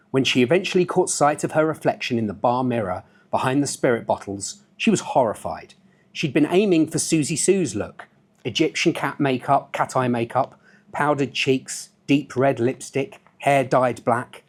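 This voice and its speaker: A man with a husky voice reading from his own novel at a mid pitch. He reads in a relaxed, easy way and drops offhand asides between the lines.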